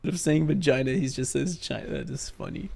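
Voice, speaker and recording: A man's voice: medium pitch, a little fast, vocal fry, a little mellow. A male streamer in an old stream recording, reading an online article aloud in a casual drone and stopping to laugh.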